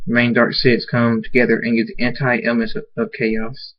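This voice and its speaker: A man's voice: medium pitch, completely flat delivery, moderate pace. Man reading a story, muffled lo-fi sound. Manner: plain, stumbles and restarts words. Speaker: reader. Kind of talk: reading fan fiction aloud. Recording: dull lo-fi recording.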